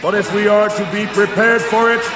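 An actor playing a defiant male war leader, shouting a rallying speech to his troops against the machines. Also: high voice, fairly even intonation, fairly quick, lightly acted. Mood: defiant, rousing. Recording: echoey clip with music and crowd.

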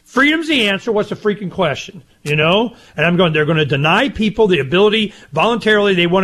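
Give me an older man with a fairly high voice, chatting in a loose, rambling way, getting animated and laughing loud as he talks on a casual show. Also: a little fast, few pauses. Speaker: co-host. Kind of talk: casual chat.

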